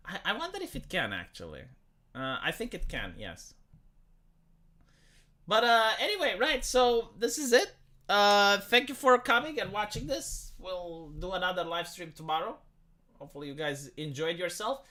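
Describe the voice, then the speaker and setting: A man's voice: sits high, very animated, moderate pace, pushed and bright. A man from Romania chatting casually and with amusement on a live stream, rambling with many fillers.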